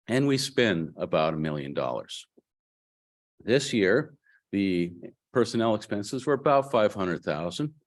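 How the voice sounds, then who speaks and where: A man with a fairly low voice walks a live audience through the finances. He keeps it folksy and drops in jokes and asides along the way. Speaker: treasurer presenting finances. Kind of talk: relaxed meeting presentation.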